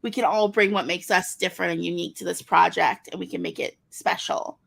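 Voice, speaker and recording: A woman's voice: on the low side, fairly even intonation, brisk, creaky, fairly bright tone, breathy edge. A woman co-hosting a casual chat stream, playfully spinning silly imagined scenarios. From United States. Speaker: co-host.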